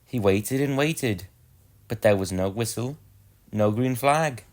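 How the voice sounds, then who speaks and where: Low-voiced man reading a children's story. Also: slow pace. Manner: gentle, expressive storytelling. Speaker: narrator.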